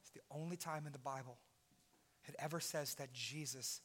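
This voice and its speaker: Bright-voiced impassioned male preacher. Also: fairly high pitch, moderate pace. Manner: impassioned preaching, rising to shouts. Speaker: pastor. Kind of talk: sermon.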